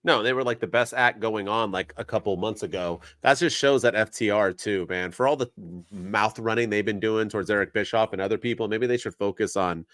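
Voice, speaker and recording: A man's voice: fairly low pitch, brisk, hardly any pauses, fairly bright tone, dry recording. Sarcastic ranting man, dry podcast sound. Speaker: podcast co-host. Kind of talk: casual wrestling podcast chat.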